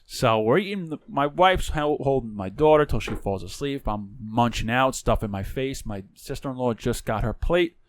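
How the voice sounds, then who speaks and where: Animated, profane New storyteller man. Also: mid-range voice, normal speed, hardly any pauses. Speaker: podcast co-host. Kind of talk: casual storytelling chat.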